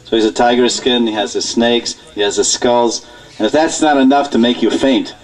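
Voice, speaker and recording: Distant animated man telling a story. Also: mid-range voice, normal speed. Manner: animated, laughs often. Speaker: preacher. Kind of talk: storytelling lecture. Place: temple hall.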